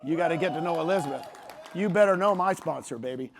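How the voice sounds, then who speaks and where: High-voiced, emphatic male stage speaker. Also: fast talker, a crowd in the background. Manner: punchy and emphatic, often quoting others in a raised voice. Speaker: motivational speaker at a real estate conference. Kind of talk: energetic stage talk. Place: large conference hall.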